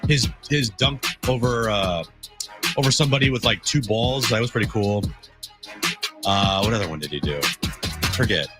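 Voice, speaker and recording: A male sports radio co-host giving opinionated, animated takes in a studio. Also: on the low side, moderate pace, pauses often, over loud music. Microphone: studio mic.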